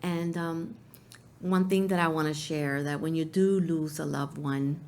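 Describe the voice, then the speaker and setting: A woman's voice: low-pitched, steady tone, measured pace, a little mellow. A woman appearing as a talk show guest who speaks in a heartfelt, emotional way and often laughs.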